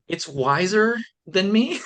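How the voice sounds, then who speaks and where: A man's voice: high-pitched, lively intonation, slow, fairly bright tone. A man speaking as a podcast guest in a casual interview, earnest and reflective, with frequent "um" and "like". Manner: earnest, reflective, many fillers.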